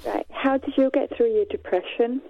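Hesitant woman on tinny phone line. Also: on the high side. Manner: hesitant, many pauses and fillers. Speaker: caller. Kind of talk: phone-in call.

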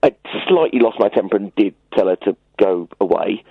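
A man tells a hesitant, rambling story on a radio show. His voice is slightly husky and sounds dull and muffled, as if through a lo-fi line. He keeps a fairly ordinary middle pitch. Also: animated, a little fast, no room sound. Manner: rambling anecdote-telling with hesitations. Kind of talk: casual radio chat.

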